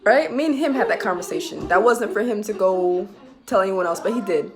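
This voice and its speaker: A young woman vlogger, her voice mid-range and a little fast, tells a personal military story in a casual, heated way, swearing and laughing as she goes. Loud background hiss runs through the recording.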